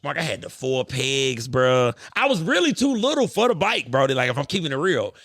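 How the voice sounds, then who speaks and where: A man in his thirties hosting a podcast, telling stories in an animated, profane, bantering way. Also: medium pitch, a little fast, dry recording, studio quality. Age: 30s. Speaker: podcast host. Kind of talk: casual podcast chat.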